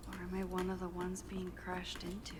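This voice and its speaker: A woman plays a thoughtful young game heroine who often drops to a hushed, breathy murmur as she thinks aloud. Faint hiss sits under her voice. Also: fairly low pitch, monotone, normal speed, natural voice. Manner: introspective, often whispered inner thoughts. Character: anxious young woman student with time powers.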